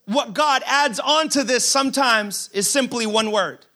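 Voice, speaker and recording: In an unhurried, very high voice, a preaching pastor builds his points through animated, comic stories. He acts out quotes and repeats words for emphasis.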